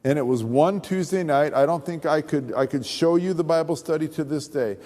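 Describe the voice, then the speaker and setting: Animated man telling a story from the pulpit. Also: a little high, brisk. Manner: animated storyteller who acts out voices. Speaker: pastor. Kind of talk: sermon testimony. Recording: long reverb of a large hall.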